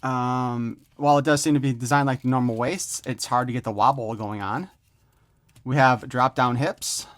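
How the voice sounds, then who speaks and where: A man's voice: mid-range voice, steady tone, normal speed. A man giving a casual, rambling toy unboxing review, joking around and swearing offhandedly.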